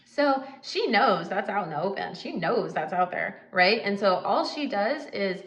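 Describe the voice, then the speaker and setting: A woman's voice: mid-range voice, lively intonation, unhurried, echoey room, poor audio. Chatty woman giving casual advice. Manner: chatty, emphatic, frequent laughs and asides. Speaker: host.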